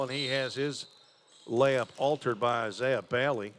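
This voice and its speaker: A man's voice: mid-range voice, steady tone, measured pace, fairly bright tone, slight background noise. A man calling college basketball play-by-play in a conversational way, musing aloud about stats and names. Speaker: play-by-play announcer. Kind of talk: live basketball commentary.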